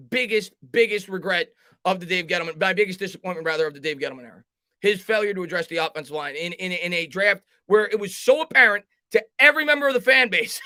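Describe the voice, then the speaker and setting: A man's voice: high-pitched, sharp tone, no echo. A young man hosting a live fan sports talk stream, ranting emphatically and reading chat.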